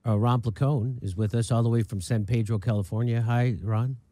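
A man's voice: medium pitch, fairly even intonation, fairly quick, warm tone, dry recording. A male podcast host delivering commentary in a rambling, emphatic way, often stopping mid-phrase. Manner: rambling, emphatic, self-interrupting.

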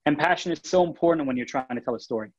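Male podcast co-host, casual and animated, slightly dull lo-fi sound. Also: on the high side, racing. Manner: animated, restarts phrases, reads listener comments.

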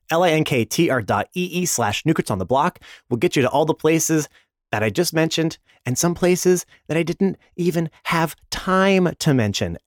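A man hosting a podcast and playing in the game, speaking in an energetic, enthusiastic way. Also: a little high, no echo, studio quality. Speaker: podcast host and player. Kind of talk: upbeat promo read and casual play.

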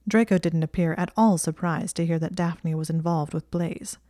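A woman reading a fan fiction story aloud as an audiobook, in calm, measured narration. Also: fairly low pitch, dry recording, clean studio sound. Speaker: audiobook reader.

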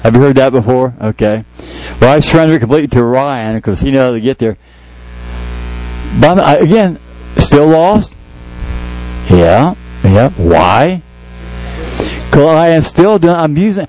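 A man's voice: medium pitch, measured pace, pauses often, rough recording. A man preaching to a congregation, acting out a comic skit and chatting with people in the room. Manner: animated, jokey, talks to congregation. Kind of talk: sermon with acted skit.

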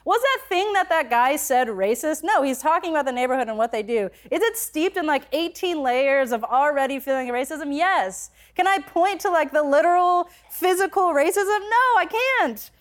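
A woman's voice: high voice, expressive, moderate pace, few pauses. A young adult woman telling a personal story in a conversational way, full of filler words, growing passionate as she speaks. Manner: conversational, many filler likes, grows passionate.

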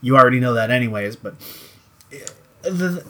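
A man's voice: mid-range voice, expressive, normal speed, bright, forceful tone. A young man co-hosting a casual chat show, rambling with restarts and plenty of swearing as he reviews a show. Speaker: podcast co-host.

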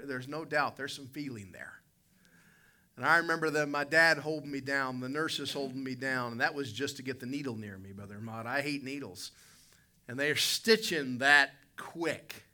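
A man's voice: medium pitch, bright, forceful tone. A male pastor, preaching a sermon with folksy, dramatic storytelling and calling out to people in the congregation. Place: church conference hall.

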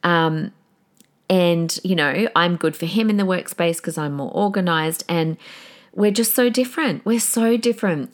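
A woman in her forties speaks in a relaxed, chatty podcast style with a slightly low voice. She talks with open emotion and tears up easily. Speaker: podcast host. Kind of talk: casual solo podcast talk.

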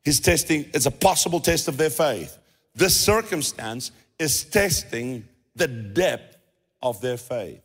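This pastor speaks with a medium-pitched, animated voice that has a breathy edge, taking his time. He preaches in South African English, chatting through the sermon with restarts and repeated phrases, and the church hall adds a long reverb.

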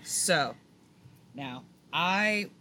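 Blunt, opinionated co-host with a bright voice; light background noise. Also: mid-range voice, lively intonation, drawn-out words. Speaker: podcast co-host. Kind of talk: casual chat about motor racing.

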